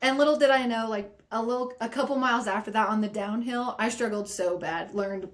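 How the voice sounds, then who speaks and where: A woman who is a trail runner, a guest on a podcast, recounting a hard race with expressive, laughing talk. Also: on the high side, fairly quick. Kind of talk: casual interview chat.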